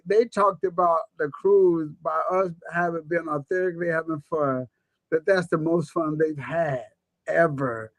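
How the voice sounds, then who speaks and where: A man coaching and telling stories in a casual webinar conversation, open about his emotions and expressive as he talks. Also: on the high side, no room sound. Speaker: guest speaker and coach.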